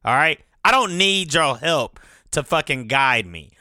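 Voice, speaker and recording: A man's voice: fairly high pitch, lively intonation, a little slow, bright, forceful tone, no echo, studio quality. A man telling a rambling, profane story in casual vlog style. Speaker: vlogger.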